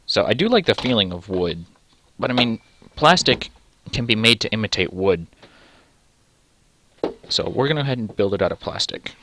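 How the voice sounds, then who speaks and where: A man's voice: lowish voice, very animated, moderate pace, long pauses, sharp tone. A man reading a text adventure game aloud and adding dry, sarcastic asides. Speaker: let's play gamer.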